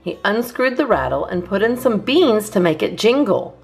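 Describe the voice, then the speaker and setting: A woman reading a children's picture book aloud in a lively, sing-song way. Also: medium pitch, moderate pace, vocal fry. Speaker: children's story reader. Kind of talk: read-aloud storytime.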